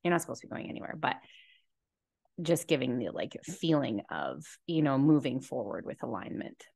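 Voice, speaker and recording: A young woman with a stuffy cold and low energy, talking to camera in a slow, reflective personal monologue with many fillers, seated indoors in a chair. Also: big pitch swings, creaky, breathy edge, no room sound, studio quality. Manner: slow, slumped, soft-spoken musing with many fillers. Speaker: podcast host and tarot reader.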